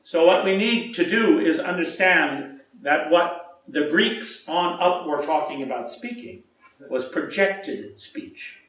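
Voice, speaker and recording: A man's voice: fairly high pitch, animated, slow pace, a bit bright. A man, a voice teacher coaching a singer in a masterclass, talking with animation and singing short demonstrations. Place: recital hall. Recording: echoey hall, distant mic.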